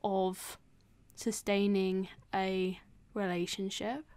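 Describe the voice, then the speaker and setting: A woman's voice: medium pitch, flat delivery, takes it slowly, a little mellow, clear, resonant tone. A young woman co-hosting a podcast, rambling and giggling through casual chat with many fillers. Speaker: podcast co-host.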